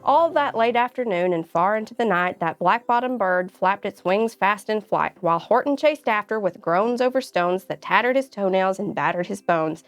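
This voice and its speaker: A woman's voice: medium pitch, expressive, normal speed, few pauses, no echo, faint music behind. A woman reading a rhyming children's bedtime story aloud in a rhythmic read-aloud manner. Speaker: storybook reader.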